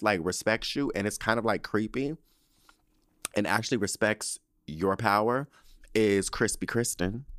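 A man's voice: lowish voice, fairly bright tone, dry recording, clean studio sound. A man hosting a podcast, recapping a show in casual, sassy, profane chat full of slang while sipping a drink. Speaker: podcast host.

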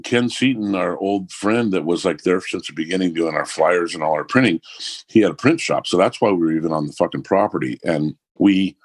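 Low, husky man, casual and profane, dry recording. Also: a little fast, dry recording. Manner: profane, animated anecdote-telling. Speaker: musician guest. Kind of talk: casual storytelling.

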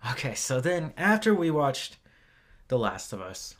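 A podcast co-host chatting casually, retelling plots in a relaxed, rambling way. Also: mid-range voice, measured pace. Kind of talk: casual chat.

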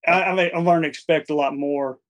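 A man's voice: fairly high pitch, fairly even intonation, fast talker. A man talking as a podcast guest about hunting, earnest, often restarting his sentences. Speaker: podcast guest, turkey hunter. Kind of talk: casual chat.

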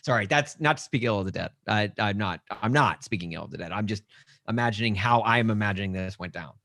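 A man co-hosting a casual sports podcast, rambling and joking, often acting out mock dialogue in a higher voice. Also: fast talker, vocal fry, bright, forceful tone, dry recording, studio quality. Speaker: podcast co-host.

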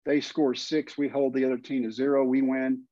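An animated Texan man in his fifties, a former pitcher and coach appearing as a podcast guest, tells a story and slips into the voices of the people in it. His medium-pitched voice moves at normal speed. The dry, slightly dull sound was recorded close in a quiet room.

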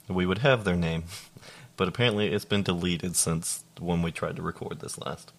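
A young man co-hosting a podcast, reading listener stories aloud in a casual, deadpan way, swearing freely and laughing now and then. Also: low-pitched. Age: young adult.

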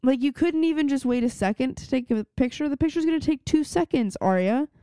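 A woman's voice: high voice, a little fast, dark tone, dry recording, studio quality. A young woman co-hosting a podcast, chatting casually, full of 'like' and the odd swear. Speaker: podcast co-host. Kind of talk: casual recap chat. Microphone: remote call mic.

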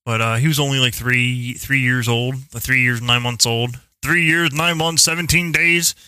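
A man's voice: mid-range voice, steady tone, normal speed, sharp tone, smooth, no room sound. A man chatting casually on a podcast, rambling and swearing a lot, often restarting his sentences. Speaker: podcast co-host. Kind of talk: casual profane chat.

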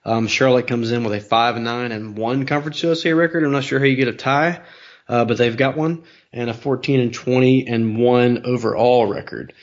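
Male podcast co-host, relaxed and easygoing, reading off stats, slightly muffled recording. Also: mid-range voice, normal speed. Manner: relaxed, reads scores and schedules. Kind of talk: casual sports podcast chat. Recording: slightly dull lo-fi sound.

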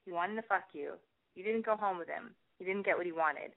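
A woman's voice: fairly low pitch, brisk, creaky. A woman hosting a call-in advice show, tired and hungover, giving blunt advice with plenty of swearing. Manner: blunt, profane, direct advice. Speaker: radio call-in host. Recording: tinny phone-like sound.

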